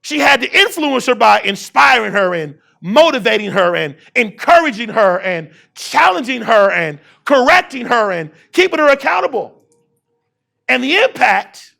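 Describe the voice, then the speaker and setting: High, bright, gravelly-voiced man speaker. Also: big pitch swings. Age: 30s. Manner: call-and-response with the audience, rising to shouts; emphatic repetition, slowing down for key words. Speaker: keynote speaker. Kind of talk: motivational keynote speech.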